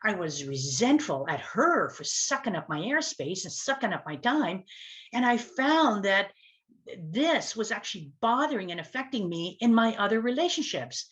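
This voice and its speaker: A woman telling a personal story as a speaker and communication coach, animated and lively, with big swings in her voice. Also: mid-range voice, moderate pace. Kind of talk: storytelling talk to camera.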